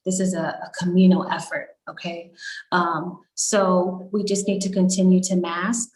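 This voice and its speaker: A woman's voice: fairly low pitch, flat delivery, measured pace, a little mellow. A woman doctor on a video call town hall, explaining health guidance in a reassuring way. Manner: reassuring, explanatory, frequent "you know". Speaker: doctor panelist.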